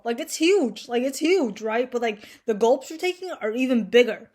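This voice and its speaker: A young woman talking straight to camera in a loose, joking monologue, slightly high in pitch. She rambles through her story with lots of fillers and casual swearing, playful and self-mocking. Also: expressive, normal speed, a little mellow. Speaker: vlogger.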